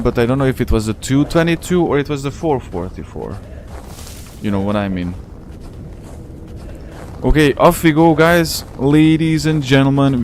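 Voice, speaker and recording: A man's voice: medium pitch, darkish tone, a little hiss or hum. A man giving casual live commentary while streaming a game, chatty and rambling, with a non-native English accent. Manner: chatty, rambling, slangy, talks to chat. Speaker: gaming streamer.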